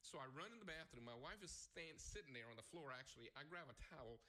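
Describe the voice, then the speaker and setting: Guest: middle-aged man, bright forceful voice, animated storyteller with frequent laughs. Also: on the high side, fast. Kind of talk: storytelling on talk radio.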